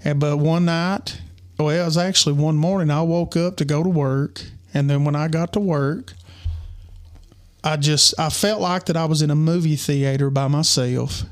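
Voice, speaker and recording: Earnest man telling a story. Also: on the high side. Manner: earnest, halting, many restarts. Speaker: podcast co-host. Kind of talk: personal storytelling.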